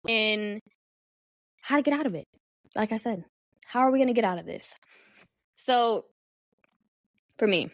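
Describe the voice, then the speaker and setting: With a medium-pitched, slightly bright voice and no echo, this young adult woman runs a solo podcast. She chats casually, animated and frank, and doesn't hold back on the swearing.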